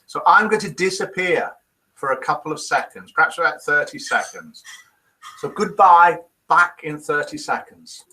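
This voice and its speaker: Poor audio carries a fairly high, bright and forceful voice at normal speed. The speaker, a British man in his fifties hosting a live daily show, chats self-mockingly and reads out viewers' comments and jokes, putting on voices for the quotes.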